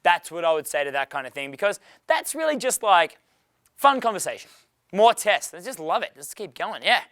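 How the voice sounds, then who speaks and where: A man's voice: sits high, very animated, normal speed, fairly bright tone, no room sound. A young man running a dating seminar Q&A, brash and profane, laughing often. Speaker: dating coach. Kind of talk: live seminar Q&A.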